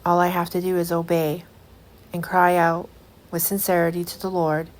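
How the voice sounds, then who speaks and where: A woman shares a personal testimony in a vlog. Her voice sits a little low, and she talks earnestly in halting phrases, often restarting. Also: completely flat delivery. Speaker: vlogger.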